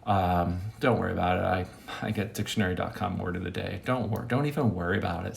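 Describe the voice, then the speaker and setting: A man telling a comic story as a monologue host, rambling and interrupting himself, with lively jumps in pitch. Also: quick pace, creaky.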